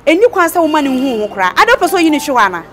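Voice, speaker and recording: A scolding Ghanaian woman speaks in a high voice that swings widely up and down. Clear background music plays under her words. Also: sing-song, fast, sharp tone, a faint crowd, heavily acted. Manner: scolding, reproachful. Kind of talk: Ghanaian film acting.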